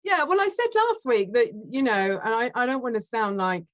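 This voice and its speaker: A woman co-hosting a casual TV review chat, thinking aloud with pauses and self-corrections. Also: a little high, big pitch swings, fairly bright tone. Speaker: film and TV critic co-host.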